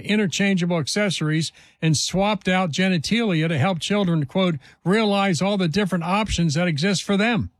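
A man's voice: sits high, no room sound. A man hosting a talk radio show, delivering an indignant, emphatic monologue full of rhetorical questions.

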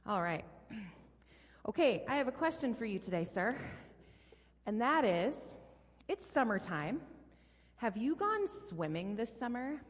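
Woman with a playful, animated storybook voice. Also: mid-range voice. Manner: animated, playful sound effects for a child. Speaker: pastor leading a children's message. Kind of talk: storybook reading to a child. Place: church sanctuary. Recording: long reverb in a large hall.

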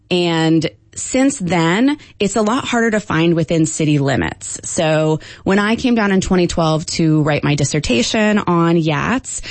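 Deep-voiced lady professor explaining stuff in an interview, dry close sound. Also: no echo. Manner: fluent and explanatory, with fillers. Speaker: linguistics professor.

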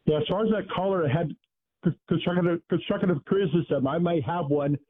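A man's voice: a little high, a little fast, slightly rough. A man calling in to a sports radio show, chatty and a bit complaining. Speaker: caller. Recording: tinny phone line.

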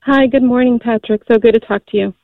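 A woman's voice: fairly high pitch, steady tone, vocal fry, no echo. Earnest woman caller on a phone line. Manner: earnest, halting with fillers. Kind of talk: call-in radio testimony.

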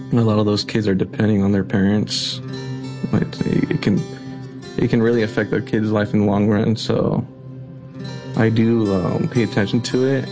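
A young man in his twenties, a college student, speaking softly and hesitantly in an interview. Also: on the low side, creaky. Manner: soft-spoken, hesitant with fillers.

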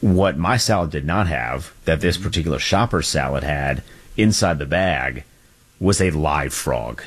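A man co-hosting a podcast, telling a funny story in a relaxed, joking way and slowing down for punchlines. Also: a bass voice, breathy edge. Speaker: podcast co-host. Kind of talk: casual chat.

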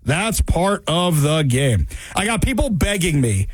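A man hosting political talk radio, sarcastic and animated, repeating phrases for emphasis. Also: on the high side, measured pace, husky, dry recording.

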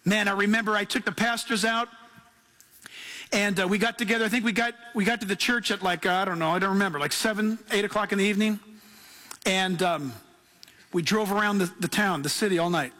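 A man preaching a sermon as pastor, telling stories with laughing, animated asides. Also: high voice, a little fast.

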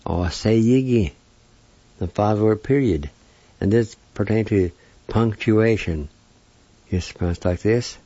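A man gives a slow, careful pronunciation lesson, breaking each word into syllables. His voice is low and mellow. The recording is dry and dull, with a lo-fi sound. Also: no echo. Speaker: language teacher. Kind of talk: slow spelled-out language lesson.

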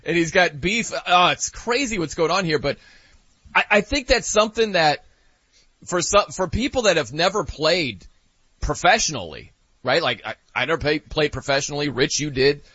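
A man's voice: on the high side, lively intonation, normal speed, bright, forceful tone, slightly rough, no room sound, muffled recording. A man hosting a sports betting talk show, chatting casually and animatedly, acting out quotes with laughs.

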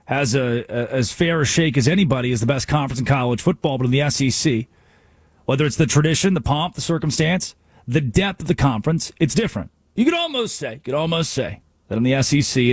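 A male sports radio host delivering an animated, sarcastic rant from a studio. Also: medium pitch, dry recording. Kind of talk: sports talk radio monologue.

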